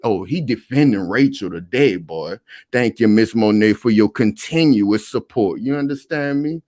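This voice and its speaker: A man's voice: lowish voice, lively intonation, normal speed, a little mellow, dry recording, studio quality. A man hosting a live reaction commentary stream, talking animatedly and addressing his audience directly over and over. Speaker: online commentary host.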